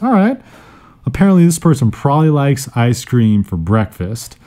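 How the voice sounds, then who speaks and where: A man hosting a study podcast, teaching words in a playful, joking way with sudden jumps in pitch. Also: sing-song, normal speed, dark tone. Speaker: podcast host. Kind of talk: casual educational podcast monologue. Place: indoors, seated on a squeaky chair. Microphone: studio microphone.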